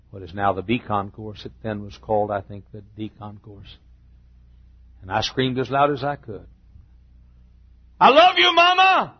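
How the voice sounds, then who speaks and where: Husky older preacher, low voice. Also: male voice, no room sound, muffled recording. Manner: halting, heartfelt retelling with repeated phrases. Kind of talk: emotional sermon storytelling. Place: church sanctuary.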